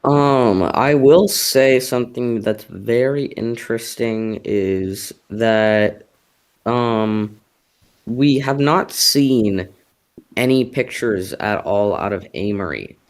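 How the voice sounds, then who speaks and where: Low-voiced man reporting storm updates. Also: takes it slowly. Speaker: weather co-host. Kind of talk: live weather coverage.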